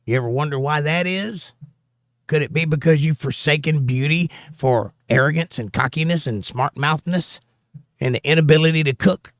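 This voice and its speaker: A man's voice: on the high side, moderate pace, dry recording. Argumentative male livestream host, dry sound. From United States. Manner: argumentative, sarcastic. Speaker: livestream host reading chat. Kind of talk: political livestream chat.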